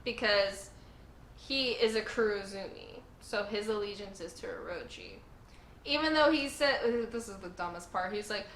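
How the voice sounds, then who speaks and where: A woman's voice: medium pitch, normal speed. A woman hosting her own channel, recapping a story with gushing, emphatic enthusiasm and repeated exclamations. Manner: gushing, animated, emphatic repetition. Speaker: host. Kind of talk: excited casual recap. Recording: echoey room with faint noise.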